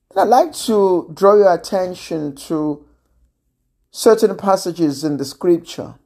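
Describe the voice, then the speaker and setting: A preacher giving a sermon in a measured, gently emphatic way, pausing often. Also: medium pitch. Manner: slow, measured, with gentle emphasis and long pauses.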